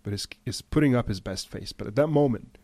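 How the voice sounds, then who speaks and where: A man giving impassioned news commentary, emphatic at times and dropping to a hushed, grave tone. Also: medium pitch, a little fast, no room sound. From United States.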